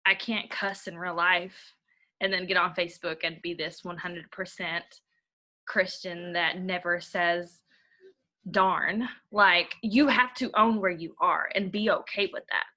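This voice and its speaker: A woman's voice: fairly low pitch, steady tone, measured pace, pushed and bright. A young woman, giving a rambling, blunt motivational training talk to her team. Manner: rambling, blunt, uses y'all.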